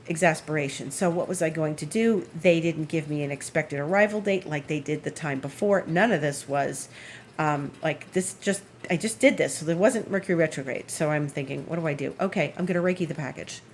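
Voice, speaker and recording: A woman's voice: sits low, fairly quick, a little hiss or hum. A woman host telling a story in a casual, amused way, chatting at home. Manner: chatty, amused, acts out others' lines in raised voice. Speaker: astrologer and Reiki practitioner, show host.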